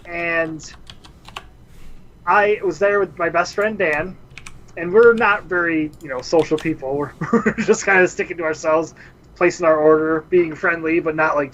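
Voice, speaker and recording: Animated, laughing male podcast co-host. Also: a little high, dull audio, a little hiss or hum. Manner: animated storyteller, laughs often. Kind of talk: casual chat.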